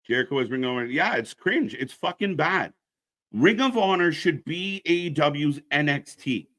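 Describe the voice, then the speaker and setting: A man hosts a live wrestling stream, ranting bluntly, swearing freely, and pitching his channel's upcoming shows to viewers in casual commentary. His voice is expressive and a bit bright, at a normal speed.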